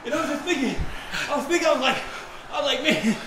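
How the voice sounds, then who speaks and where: A man's voice: very high-pitched, expressive, rapid-fire, reverberant, noisy background. A man comedian in a comedy sketch, out of breath and rambling frantically as he laughs through a story.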